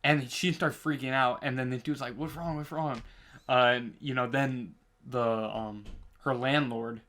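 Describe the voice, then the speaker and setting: A man co-hosting a podcast in relaxed, slangy casual chat. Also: medium pitch, measured pace. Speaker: podcast co-host.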